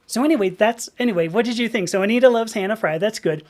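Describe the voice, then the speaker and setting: A woman's voice: on the high side, quick pace, hardly any pauses, a little mellow. A middle-aged woman from the American South hosting a casual live stream, rambling, laughing at herself and reading out viewers' chat. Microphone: webcam.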